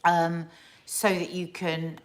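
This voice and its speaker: A middle-aged woman from England chats loosely on a home live stream, full of restarts and asides as she reads out viewer messages. Her voice sits a little low for a woman. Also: level tone, slow. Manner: chatty, rambling, with restarts and asides. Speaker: host of a family live stream. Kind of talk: casual live-stream chat reading viewer comments.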